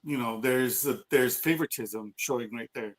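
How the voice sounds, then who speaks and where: A man's voice: medium pitch, moderate pace, poor audio. A man co-hosting a podcast, chatting casually and bluntly, cursing as he rants. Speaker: podcast co-host. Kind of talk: casual chat.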